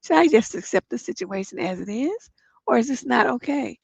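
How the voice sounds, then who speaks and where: Her voice a little high, husky and full of vocal fry, a congested middle-aged woman runs a relationship advice livestream at a slightly fast, animated clip. She reads letters aloud and gives blunt, profane, emphatic advice. There's no room sound, just dull lo-fi stream audio.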